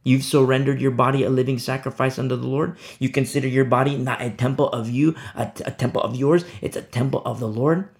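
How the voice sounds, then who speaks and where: A man delivers a sermon in a gravelly voice of middling pitch. He presses his points with rhetorical questions, rising to loud emphasis and then dropping to a hush. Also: steady tone, quick pace, few pauses. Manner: swings between loud and hushed. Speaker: preacher.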